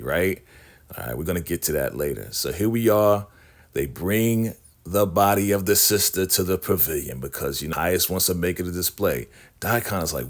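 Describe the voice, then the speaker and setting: A man's voice: low voice, animated, moderate pace. A man casually recapping a TV episode, telling the story with street slang and acting out the characters. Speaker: TV recap vlogger.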